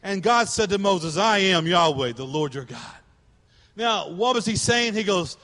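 Animated high-voiced preacher in a reverberant hall. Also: male voice, normal speed. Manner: animated preacher acting out voices of God and Pharaoh. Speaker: pastor. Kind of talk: sermon. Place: church sanctuary. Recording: church hall with long reverb.

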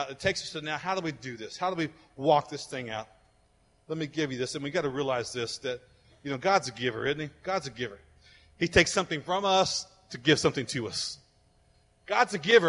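A man preaching a fervent sermon as pastor, building to loud declarations, recorded in a church with long reverb. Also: high-pitched. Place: church sanctuary. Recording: long reverb of a large hall.

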